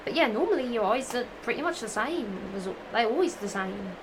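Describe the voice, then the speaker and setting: Woman fan fiction reader, giggly and profane, fairly high voice, noisy home mic. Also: lively intonation, brisk. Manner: giggly, profane, rambling asides. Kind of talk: reading fan fiction aloud with commentary.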